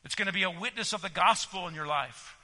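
A male pastor preaching a sermon in a church, exhorting his listeners and swinging between loud emphasis and hushed asides. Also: high voice, fast. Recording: long reverb of a church hall.

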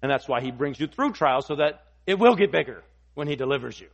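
A pastor preaching an expository sermon, emphatic and repeating key phrases for weight. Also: male voice, mid-range voice, animated, brisk.

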